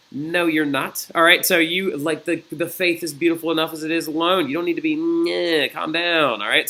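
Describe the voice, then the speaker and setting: A male history teacher giving a recorded lesson with a very bright voice that sits somewhat high. He talks in a loose, chatty way and wanders off on asides. He keeps checking in with his students. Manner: chatty, digressive, checks in with "right?". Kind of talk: recorded classroom lecture.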